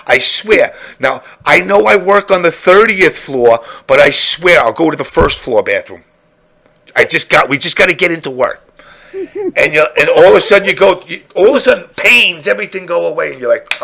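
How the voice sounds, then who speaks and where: A man's voice: fairly high pitch, normal speed, creaky. A man hosting a podcast, telling a crude comic story and acting out the dialogue. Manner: crude, animated, acts out dialogue. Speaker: podcast host. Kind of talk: comedic storytelling.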